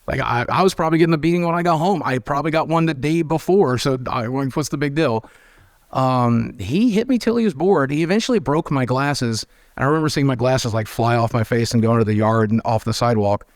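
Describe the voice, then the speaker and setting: This interview guest, an American man with a mid-range voice, talks a little fast while recounting candid stories and mimicking the people in them. The recording is dry and studio quality, and he's animated, frank, and quick to poke fun at himself.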